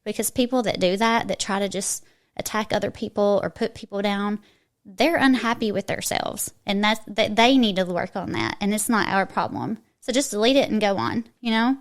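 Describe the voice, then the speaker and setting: A woman speaks with a strong eastern Kentucky twang at a middling pitch. She talks in a chatty, emphatic way, doubling back and restarting mid-sentence as she makes her point. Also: lively intonation, normal speed. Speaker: guest. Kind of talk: casual interview chat.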